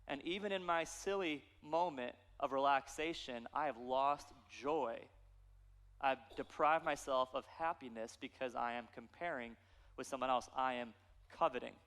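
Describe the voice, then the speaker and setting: Pastor in his 30s, preaching with a fairly high, lively voice; long church-hall reverb. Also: moderate pace. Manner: animated storytelling with playful asides. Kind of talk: sermon.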